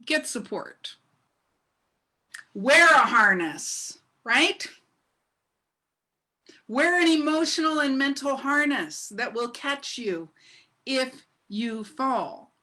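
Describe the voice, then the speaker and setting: Middle-aged woman minister giving a sermon, bright clear voice, kinda high, laughs and asks the crowd stuff. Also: takes it slowly. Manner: animated, laughing storyteller who asks the congregation questions.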